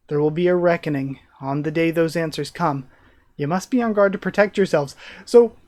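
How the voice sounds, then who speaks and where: A man reads manga panels aloud and reacts between them, his voice sitting a little higher than most men's. He talks quickly and with excitement as he goes from panel to panel. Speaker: reaction channel host.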